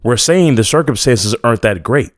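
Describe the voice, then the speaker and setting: A man doing a calm, soft-spoken detective. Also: medium pitch, normal speed, no room sound, clean studio sound, natural voice. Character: calm, measured man detective in mid-forties.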